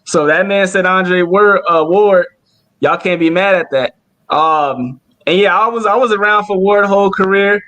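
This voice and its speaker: A man's voice: high voice, moderate pace, sharp tone, dull audio. A man chatting casually about boxing as co-host, slangy and laid-back with lots of fillers.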